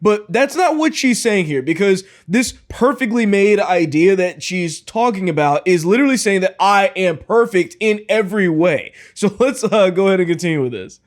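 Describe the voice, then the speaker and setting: High-voiced man, incredulous commentary. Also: lively intonation, normal speed, hardly any pauses. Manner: incredulous, mocking, repeats words. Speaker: commentary host. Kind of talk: reaction commentary.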